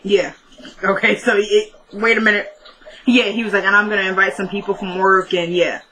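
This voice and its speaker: Bright-voiced woman chatting through a recap. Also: medium pitch, flat delivery, normal speed, a little hiss or hum, rough recording. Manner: chatty, retells dialogue with "she's like". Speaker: TV recap vlogger. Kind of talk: casual episode recap.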